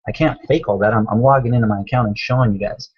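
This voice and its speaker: A man's voice: medium pitch, quick pace, husky, dull audio. A man coaching viewers on a live stream, talking emphatically, repeating himself and calling them guys. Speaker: online business coach. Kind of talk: motivational live stream talk.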